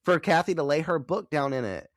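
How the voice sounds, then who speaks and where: A man co-hosting a podcast, recapping an episode in casual chat that is animated and full of cursing. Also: fairly high pitch, no room sound, studio quality. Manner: animated, profane, quick-talking. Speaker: podcast co-host.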